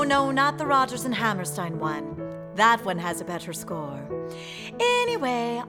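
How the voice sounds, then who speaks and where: A woman's voice: high-pitched, full character voice. A woman playing a lonely, flirtatious farm wife in a live stage parody, coy and melodramatic. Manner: breathy melodrama, coy double entendres. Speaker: stage comedian. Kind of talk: live musical-theater parody. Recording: reverberant theater with faint music.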